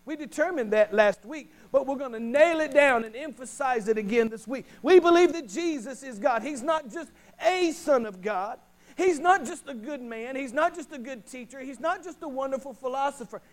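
A pastor with a strikingly high-pitched voice delivers a sermon in a church sanctuary, stretching out and hammering his key phrases. A steady mains hum runs under the recording. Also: low-quality recording. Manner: emphatic preaching with slowed, punched phrases and call-and-response.

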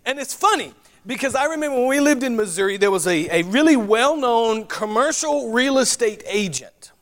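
A man's voice: very high voice, lively intonation, normal speed, fairly bright tone. A man with a Southern US accent from North Carolina, preaching a sermon in a folksy, chatty way, with asides and spelled-out words. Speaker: pastor.

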